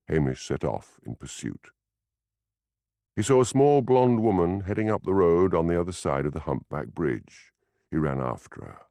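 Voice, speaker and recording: A man's voice: low-pitched, big pitch swings, moderate pace, gravelly, warm tone, dry recording, studio quality. A man reading a mystery audiobook as narrator, telling the story expressively. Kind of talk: scripted narration.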